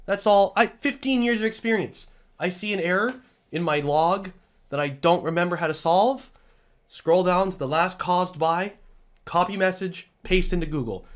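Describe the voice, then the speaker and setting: A man teaching programming in a screen-recorded tutorial voice-over, talking in an excitable, emphatic, ranting way and sounding slightly sick. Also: high-pitched, moderate pace. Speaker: programming instructor.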